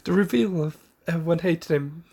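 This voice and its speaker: A man casually narrating an improvised fan story in a rambling, halting way with many restarts. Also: fairly high pitch, creaky, darkish tone.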